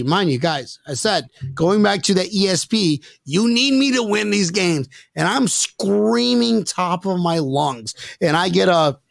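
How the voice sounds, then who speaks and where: Gravelly joking podcast host, a man. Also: high-pitched, no echo, studio quality. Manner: rowdy, joking, tells loud stories. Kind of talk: casual podcast chat. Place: home, living in South Florida.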